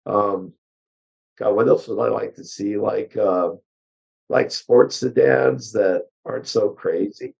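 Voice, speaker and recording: An older man, a car engineer, chatting bluntly and ramblingly as an interview guest, his voice hoarse. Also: fairly low pitch, slow, a little mellow, rough recording. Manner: blunt, rambling, with many fillers. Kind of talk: casual interview chat.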